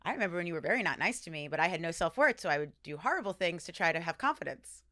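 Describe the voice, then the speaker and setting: A middle-aged woman from Staten Island, co-hosting a comedy podcast in an animated, jokey chat. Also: on the low side, rapid-fire, no echo, clean studio sound. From Staten Island, New York. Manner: animated, jokey, puts on voices in quotes. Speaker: podcast co-host.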